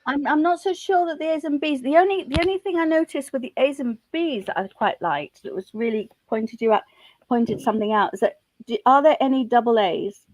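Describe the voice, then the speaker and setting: A woman's voice: sits high, a little fast, a little mellow, poor audio. A woman hosting a live online maths lesson, chatting with her guest and thinking aloud.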